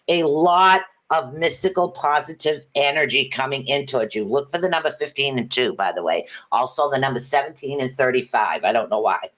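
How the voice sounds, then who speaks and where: A woman's voice: extremely low pitch, animated, measured pace, fairly bright tone. Chatty woman giving tarot readings. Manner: chatty, rambling, with many fillers and restarts; upbeat and encouraging. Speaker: tarot reader hosting a livestream. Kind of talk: casual livestream chat and tarot readings.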